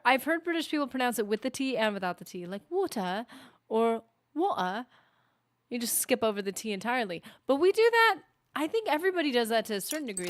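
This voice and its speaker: A woman with a medium-pitched voice streams a game and chats casually, playfully teasing her viewers in live banter. The recording is dry.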